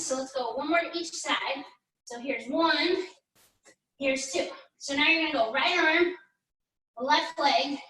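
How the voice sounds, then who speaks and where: Woman pilates instructor, high voice, chatty rep-counting, roomy distant sound. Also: pushed and bright. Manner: encouraging, chatty, counts down reps. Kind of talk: workout class instruction. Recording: echoey room, mic at a distance.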